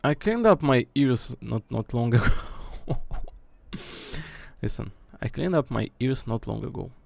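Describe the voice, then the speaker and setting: A man's voice: medium pitch, animated, a little slow, vocal fry, a little mellow, dry recording. A man streaming from home, thinking aloud as he checks how his microphone sounds at different distances. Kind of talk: casual mic-check rambling. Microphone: desk mic, moving nearer and farther.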